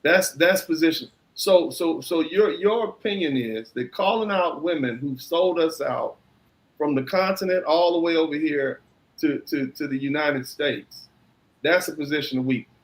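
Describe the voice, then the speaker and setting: A man's voice: fairly high pitch, normal speed, low-quality recording. A man in a played clip giving argumentative commentary, combative and repeating himself as he builds his points.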